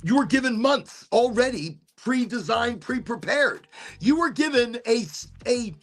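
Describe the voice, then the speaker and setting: A man's voice: very high voice, expressive, unhurried, fairly bright tone. A man hosting a podcast, musing aloud in a rambling, casual monologue and swearing now and then. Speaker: podcast host.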